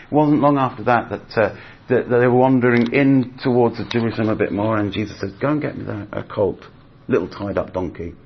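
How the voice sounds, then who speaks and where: A man preaching a sermon in a chatty, conversational way, acting out voices as he retells stories. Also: mid-range voice. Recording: slightly dull audio with faint background noise.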